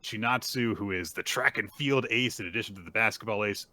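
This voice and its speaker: Co-hosting a casual manga podcast, a man animatedly recaps chapters and acts out the characters' lines. His lowish voice is bright and forceful, and he talks fairly quickly.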